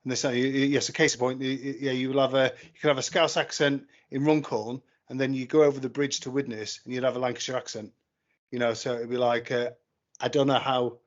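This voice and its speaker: A man's voice: mid-range voice, little pitch movement. A man with a mixed northwest English accent talking casually, stumbling and restarting often. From northwest England. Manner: stumbling restarts, quick tangents. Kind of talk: casual chat. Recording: dull lo-fi call audio.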